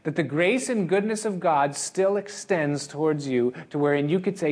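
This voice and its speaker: A man's voice: on the high side, moderate pace, hardly any pauses, darkish tone. A male pastor delivering an earnest, expository sermon and addressing the congregation directly. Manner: earnest, expository, acts out the congregation's inner voices.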